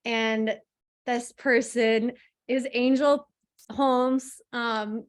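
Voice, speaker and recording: A woman team leader on a casual video call, rambling and warm, often laughing a little. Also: fairly high pitch, steady tone, drawn-out words, clear, resonant tone.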